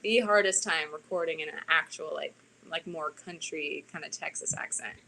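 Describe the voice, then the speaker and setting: A woman who narrates audiobooks, chatting casually about her recording work in a relaxed, talkative way. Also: low-pitched, normal speed, gravelly, noisy background. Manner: relaxed, chatty, with restarts and soft laughs. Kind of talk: casual conversation.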